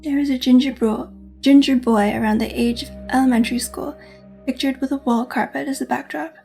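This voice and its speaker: A woman's voice: high voice, steady tone, fairly quick, gravelly, mellow. A woman gaming host reading a visual novel aloud, mixing dramatic reading with casual asides. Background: faint game music.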